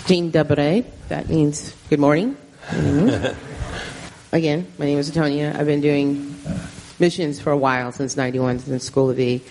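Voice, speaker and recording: A low-pitched woman speaks as a missionary sharing her testimony before a slideshow. She tells the story with animation and acts out the voices of the people in it, in a warm, informal way. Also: steady tone, normal speed, slight background noise, poor audio. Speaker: missionary giving a slideshow talk.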